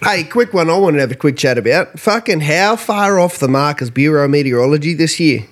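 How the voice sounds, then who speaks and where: An Australian man rants with animated disbelief on a casual podcast, swearing freely. His pitch is a touch high and leaps around. He talks like he is venting to a mate. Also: a little fast. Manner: animated, sweary, incredulous ranting. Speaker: podcast co-host. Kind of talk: casual pub banter podcast.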